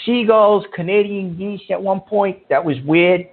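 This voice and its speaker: A man hosting a call-in radio show, brash and quick to insult callers. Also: high voice, steady tone. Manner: brash, insulting, easily riled. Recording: tinny phone-quality audio.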